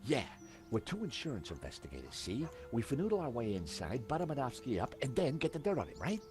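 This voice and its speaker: An actor voicing a game character who slips into an old-time noir gangster drawl while playing a tough investigator. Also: male voice, mid-range voice, wildly swooping pitch, normal speed, music in the background. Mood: scheming.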